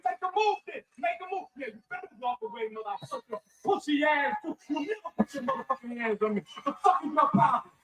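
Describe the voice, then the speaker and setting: High-voiced profane stand-up comedian man. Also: animated, fast talker, hardly any pauses, poor audio. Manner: profane, acts out loud fights in character voices.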